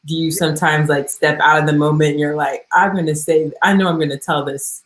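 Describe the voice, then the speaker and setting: A woman's voice: low-pitched, steady tone, fairly quick, poor audio. A woman hosting a casual interview, upbeat and laughing often as she chats with her guest. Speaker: host.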